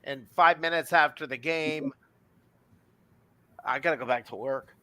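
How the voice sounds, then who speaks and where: A man's voice: on the high side, unhurried, bright, forceful tone, dry recording. An older man on a sports chat panel, grumbling in a wry, laid-back way. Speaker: podcast panelist.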